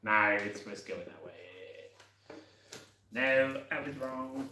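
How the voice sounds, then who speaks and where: A man's voice: mid-range voice, a little slow, bright, forceful tone, roomy sound, a little hiss or hum, poor audio. A young man casually talking while working on his motorbike, rambling and muttering to himself with the odd swear.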